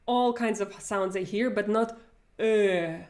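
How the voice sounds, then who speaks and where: Woman teacher, measured slow delivery, demonstrates sounds for repetition. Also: mid-range voice, darkish tone. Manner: demonstrates sounds, repeats and exaggerates them. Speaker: Russian pronunciation teacher. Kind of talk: online pronunciation lesson.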